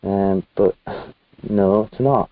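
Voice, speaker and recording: A man's voice: on the low side, fairly even intonation, takes it slowly, a little hiss or hum. A British man from the UK, a guest talking in a casual video-call chat, earnest and rambling with many fillers. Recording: tinny phone-like dry call audio.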